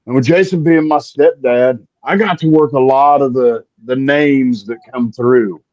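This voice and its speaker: A man, a guest on a chat show, telling lively stories from his wrestling career. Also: mid-range voice, unhurried, no room sound, highs cut off. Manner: animated anecdotes, acts out quotes. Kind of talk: casual storytelling.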